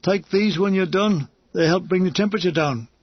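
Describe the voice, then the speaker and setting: A man doing a brisk Yorkshire orderly. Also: sits high, no room sound, dull audio. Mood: offhand. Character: Yorkshire male hospital orderly, plain and brisk.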